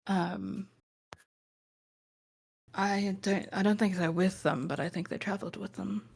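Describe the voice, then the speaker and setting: A woman's voice: medium pitch, steady tone, measured pace, creaky, a little mellow, breathy edge. A woman narrating a tabletop game as game master, casual and full of fillers, now and then putting on voices for characters.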